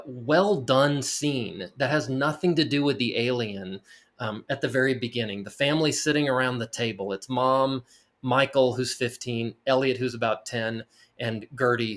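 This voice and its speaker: A man's voice: mid-range voice, a little slow, a bit bright. A middle-aged man co-hosting a movie review podcast, retelling scenes with energy and acting out the lines. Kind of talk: casual film discussion.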